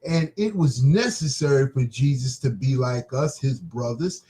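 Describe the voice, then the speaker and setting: A man's voice: mid-range voice, expressive, a little slow, hardly any pauses, dark tone, rough recording. Laid-back man chatting and reading scripture. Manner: loose, laughing, talks to viewers as "man". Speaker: live stream host. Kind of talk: casual chat and Bible reading.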